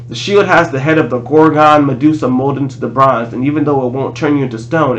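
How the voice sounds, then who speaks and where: A man reading a novel aloud in a plain, steady voice, restarting a few words now and then. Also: medium pitch, a little hiss or hum, rough recording. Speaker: audiobook reader.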